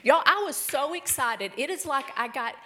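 A middle-aged woman giving an emotional sermon testimony, dropping to near whispers and rising to excited bursts. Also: high voice, normal speed. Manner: emotional storytelling, swings between hushed whispers and excited bursts. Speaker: speaker at a church service.

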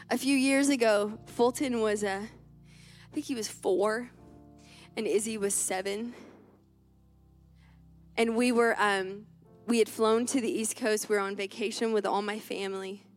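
A woman's voice: medium pitch, fairly even intonation, a little slow, pauses often, soft background music. A woman in her thirties preaching a storytelling sermon, emphatic and repeating key phrases as she builds to fervent appeals.

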